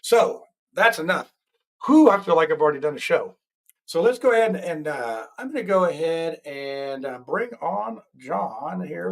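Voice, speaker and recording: A man's voice: fairly high pitch, big pitch swings, normal speed, creaky. A man in his sixties hosting a live-streamed talk show, rambling and joking and often correcting himself as he goes. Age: 60s.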